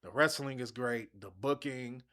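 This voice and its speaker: A man's voice: medium pitch, measured pace, bright, forceful tone. A man hosting his own wrestling show, ranting bluntly and casually with lots of swearing. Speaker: wrestling commentary host. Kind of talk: casual opinion vlog.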